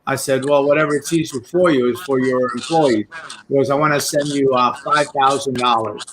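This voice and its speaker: A man who owns a restaurant, telling a story in an earnest, grateful way as a talk show guest. His voice is mid-pitched. Faint noise runs under the recording. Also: fairly even intonation, fairly quick. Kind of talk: casual talk show chat.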